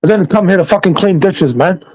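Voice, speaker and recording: A man's voice: high voice, a little mellow, slightly rough, poor audio. A man voicing a brash, hot-tempered immigrant drug dealer, swearing aggressively. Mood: angry, demanding. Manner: aggressive, swearing, rapid-fire.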